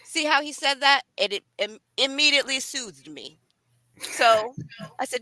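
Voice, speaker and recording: A woman's voice: high-pitched, lively intonation, unhurried, sharp tone, rough recording. A woman author hosting a live stream, chatting enthusiastically and speaking straight to her viewers. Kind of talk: lively live-stream chat.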